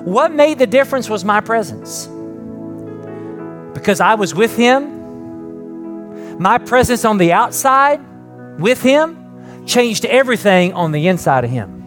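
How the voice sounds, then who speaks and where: A man's voice: high voice, sing-song, takes it slowly, pauses often, soft background music. A middle-aged man preaching a sermon in a conversational way, asking rhetorical questions and building to emphatic points. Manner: rising emphatic peaks then soft prayerful close. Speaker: pastor. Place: church with live congregation and online stream.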